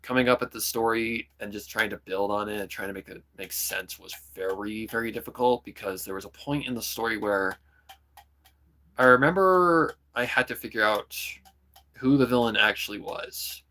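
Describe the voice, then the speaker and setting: Young guy rambling on a livestream, lowish voice, lots of kinda and like. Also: normal speed, pushed and bright. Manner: rambling, full of "kinda" and "like", jumps into voice demos. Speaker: streamer and hobby voice actor. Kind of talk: casual livestream chat.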